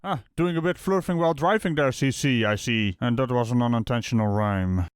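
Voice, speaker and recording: A man's voice: medium pitch, a little fast, smooth, no echo. Dutch guy roasting clips, sarcastic and laughy, dry close sound. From Netherlands. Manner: mocking, sarcastic, laughs often. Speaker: YouTube commentator. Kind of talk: sarcastic reaction commentary.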